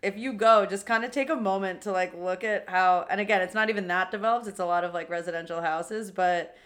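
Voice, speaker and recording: A woman's voice: mid-range voice, a little fast, fairly bright tone. Chatty young woman co-hosting a podcast. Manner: chatty, laughs often, trails off and restarts. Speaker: podcast co-host. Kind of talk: casual chat.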